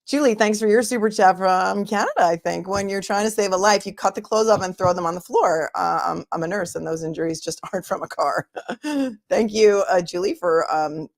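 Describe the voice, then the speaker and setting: With a Boston accent and a voice on the low side, a middle-aged woman who is an attorney and trial commentary host runs a casual livestream. She reads super chats aloud, warmly thanks viewers, thinks aloud, and chats about the day in court.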